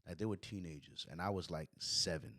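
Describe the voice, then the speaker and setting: A man's voice: low voice, fairly quick, bright, forceful tone, no echo, clean studio sound. A man in his thirties with a Brooklyn accent, telling stories as a podcast host in loose, rambling casual chat. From United States. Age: 30s. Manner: rambling storyteller, lots of fillers.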